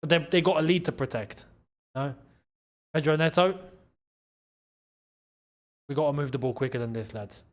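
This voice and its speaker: A man hosting a live football watchalong, reacting to play and chatting to viewers, shouting at big moments. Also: a little high, normal speed, pauses often. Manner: excitable, shouts at goals, chats to viewers. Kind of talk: live match watchalong commentary.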